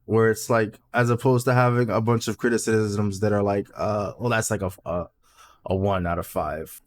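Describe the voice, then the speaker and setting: A man guest co-hosting a podcast, relaxed and opinionated in casual chat, swearing now and then. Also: fairly low pitch, normal speed, slight background noise. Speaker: guest co-host.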